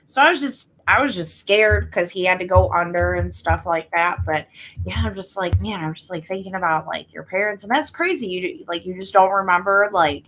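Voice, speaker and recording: A woman's voice: on the low side, normal speed, a bit bright, slight background noise. A woman co-hosting a casual podcast chat, talking in rambling bits full of restarts and fillers. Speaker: podcast co-host.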